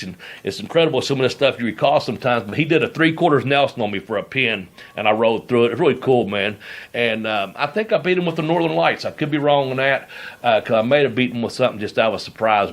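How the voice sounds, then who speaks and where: A man's voice: medium pitch, a bit bright. A middle-aged man hosting a podcast, telling rambling wrestling stories in casual chat, laughing often and swearing as he goes. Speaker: podcast host, former wrestler.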